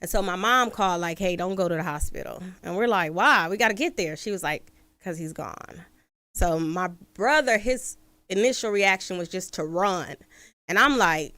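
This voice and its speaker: A woman host recounts a personal story in relaxed conversation, animating it with quoted voices. Her voice is smooth and resonant. The recording is dry and close. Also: medium pitch, fairly quick, dry recording. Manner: animated retelling with acted-out quotes. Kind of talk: personal storytelling in casual chat.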